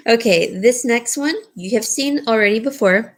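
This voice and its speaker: A woman's voice: a little high, moderate pace, hardly any pauses. A woman casually showing and describing jewelry for sale, rambling with frequent ums and restarts. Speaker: jewelry seller. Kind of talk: casual jewelry showcase talk.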